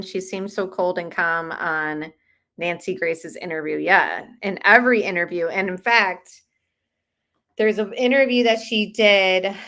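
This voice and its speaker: A woman's voice: mid-range voice, bright, forceful tone. A woman hosting a true crime channel, giving skeptical, chatty commentary on a case. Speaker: channel host.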